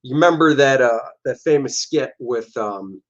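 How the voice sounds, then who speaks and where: A man's voice: mid-range voice, expressive, normal speed, highs cut off. A man, a comic book artist, chatting casually and joking on a livestream while looking back over his pages. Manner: joking, chatty, acts out characters' lines.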